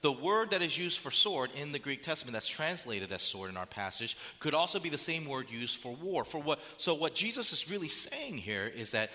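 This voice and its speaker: A male pastor preaching an animated sermon, acting out quoted voices as he goes. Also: on the high side, moderate pace, few pauses, big-room sound.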